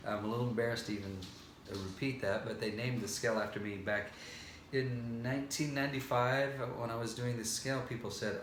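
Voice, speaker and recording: A man's voice: medium pitch, steady tone, fairly quick, a bit bright, reverberant, slight background noise. A vocal coach, a man with a tired voice, teaching singing and breaking into sung scales and held vowels. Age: older. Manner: explains then demonstrates scales and sustained sung vowels. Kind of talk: singing lesson with vocal demonstrations.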